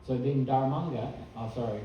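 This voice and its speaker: A man telling a devotional story in a casual, chatty way, correcting himself and laughing softly at his own asides. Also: medium pitch, brisk, dull audio, a little hiss or hum. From New Zealand. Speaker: storyteller at a temple program. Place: temple hall. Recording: distant mic in very echoey room.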